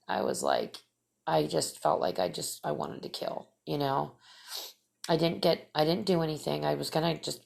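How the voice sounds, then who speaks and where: Low gravelly-voiced woman telling a story. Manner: rambling, many fillers and restarts. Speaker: podcast host. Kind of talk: casual personal storytelling.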